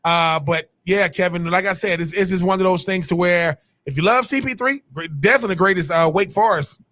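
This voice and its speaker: A man's voice: high-pitched, a little fast, sharp tone. A man co-hosting a sports podcast, arguing casually about players and movie speeches, rambling and restarting his sentences often. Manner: rambling, restarts often, Southern-tinged slang.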